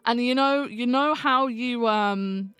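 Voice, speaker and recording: A woman's voice: fairly high pitch, takes it slowly, a bit bright, smooth, no room sound, soft background music. A woman in casual in-character role-play chat, teasing and laughing often, with trailing fillers. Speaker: police lieutenant role-player.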